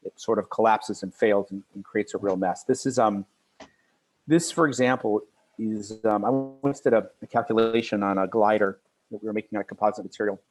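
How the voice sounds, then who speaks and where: A man lecturing a university class, earnest and halting, with many fillers and restarts. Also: on the low side.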